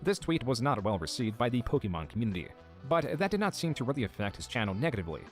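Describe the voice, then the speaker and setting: A man narrating a commentary video in a measured, scripted read, quoting posts. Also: medium pitch, sing-song, soft background music. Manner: measured, reads out quotes.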